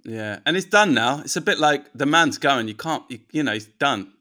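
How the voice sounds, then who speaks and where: A man hosting a podcast in casual chat, upbeat and quick with encouraging replies. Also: medium pitch, animated, bright, forceful tone. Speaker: podcast host.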